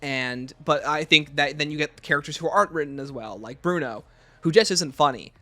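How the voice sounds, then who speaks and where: Bright-voiced male game reviewer. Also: a little high, fairly quick. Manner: casual, rambling, frequent restarts. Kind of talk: unscripted video review.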